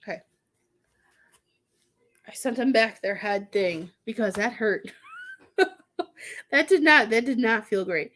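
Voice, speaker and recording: A woman giving a live psychic reading as a medium, talking in halting, rambling bursts with many restarts. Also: on the high side.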